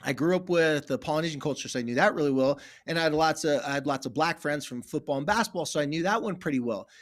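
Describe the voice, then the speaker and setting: A man from California tells stories with energy and emphasis, acting out the people in them as he goes. His voice sits a little higher than most men's. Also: quick pace. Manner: acts out voices in anecdotes, emphatic. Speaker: therapist guest. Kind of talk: animated storytelling in a podcast interview.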